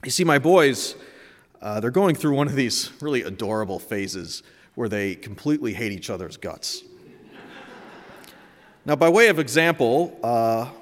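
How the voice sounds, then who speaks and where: A man's voice: medium pitch, big pitch swings, unhurried, long pauses. A man in his thirties telling a personal story with candid, humorous asides. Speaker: speaker. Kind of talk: personal reflective talk. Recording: echoey hall.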